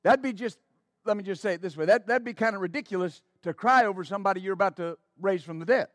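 A man's voice: high-pitched, quick pace, fairly bright tone, dry recording, clean studio sound. A man preaching a sermon as pastor, fervent and exclaiming praise, with stammering restarts.

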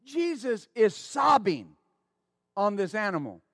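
Male pastor, very high voice, fervent sermon delivery with restarts, dry close recording. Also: sing-song, takes it slowly, a bit bright, dry recording. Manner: fervent, exclaiming praise, stammering restarts.

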